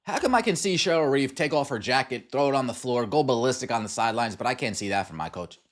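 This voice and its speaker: A man's voice: medium pitch, lively intonation, fast talker. Ranting male sports podcast host. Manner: ranting, exasperated, repeats rhetorical questions. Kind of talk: sports commentary over game clips.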